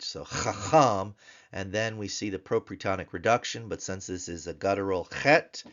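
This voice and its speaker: A man teaching a grammar lesson, sounding out words slowly and repeating them for drill. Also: sits low, dull audio. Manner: slow, drawn-out repetition of words for drilling. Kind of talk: recorded tutorial lesson.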